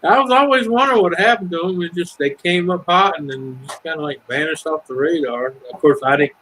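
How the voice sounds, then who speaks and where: A man's voice: fairly high pitch, fairly quick, pushed and bright, a little hiss or hum, poor audio. A middle-aged man with a Southern US accent, chatting casually and rambling, swearing freely and trailing off. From Ohio. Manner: rambling, swears freely, breaks into singing lines. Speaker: livestream chat guest. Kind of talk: casual chat.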